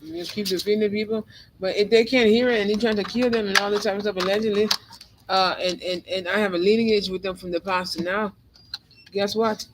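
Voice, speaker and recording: High-voiced man giving a rambling tarot reading. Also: fairly even intonation, a little fast, noisy background. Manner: rambling, repeats phrases, emphatic. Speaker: tarot reader. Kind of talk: spiritual tarot reading monologue.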